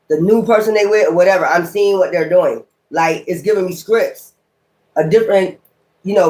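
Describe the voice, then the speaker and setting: Heated, foul-mouthed woman tarot reader. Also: lowish voice. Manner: heated, blunt, heavy cursing. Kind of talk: casual profane rant to viewers.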